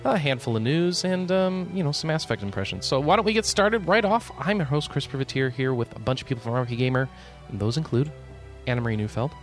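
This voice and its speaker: A man's voice: medium pitch, quick pace, soft background music. A man hosting a gaming podcast in casual chat, joking and rambling, laughing easily. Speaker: podcast host.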